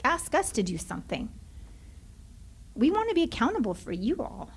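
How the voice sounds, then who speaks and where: A woman's voice: on the high side, sing-song, moderate pace, husky. A woman, a teacher, giving an impassioned, frustrated public comment at a school board meeting into a podium microphone. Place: meeting chamber.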